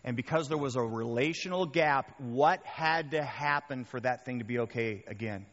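A male pastor preaching a sermon in a conversational, animated way, often checking in with the crowd. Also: mid-range voice, moderate pace, a little hiss or hum. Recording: reverberant hall, dull muffled sound.

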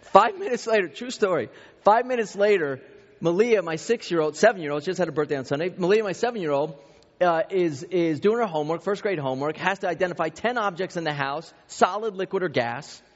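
Man, pastor, 30s or 40s, sermon, conversational anecdotes, slightly high voice, long hall reverb. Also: lively intonation, a little fast. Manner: conversational, with self-deprecating family anecdotes and many restarts. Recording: reverberant hall, dull lo-fi sound.

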